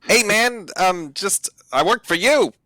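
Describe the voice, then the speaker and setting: A man's voice: high-pitched, expressive, slow pace, bright, forceful tone, no room sound, pitched above the performer's own voice, exaggerated voice. A man voicing a nervous male dwarf who talks in a bad put-on Boston accent.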